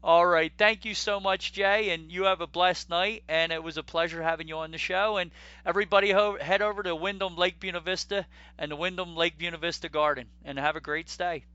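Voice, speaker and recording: A man's voice: high-pitched, fairly even intonation, brisk, pushed and bright, clear, resonant tone, dry recording, highs cut off. A man hosting a podcast in a casual, chatty way, laughing easily and tripping over his words now and then. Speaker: podcast host.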